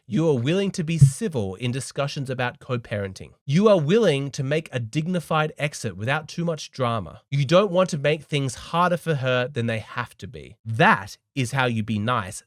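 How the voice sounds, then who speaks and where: A man coaching listeners in a monologue, emphatic and impassioned, swinging between calm explanation and heated outbursts. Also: fairly high pitch, no room sound, clean studio sound. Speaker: dating and relationship coach. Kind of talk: monologue commentary.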